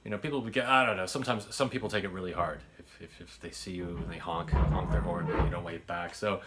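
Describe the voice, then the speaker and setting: A man's voice: low-pitched, steady tone, fast, heavy background noise. A man telling a casual story about making his sketch, rambling with lots of restarts and fillers and casual swearing. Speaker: filmmaker recounting his sketch.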